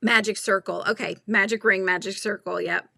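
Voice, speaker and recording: A woman's voice: medium pitch, steady tone, moderate pace, vocal fry, sharp tone, husky, dry recording. A woman hosting a live crochet chat, thinking aloud and talking through pattern steps with viewers. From California. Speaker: crochet livestream host.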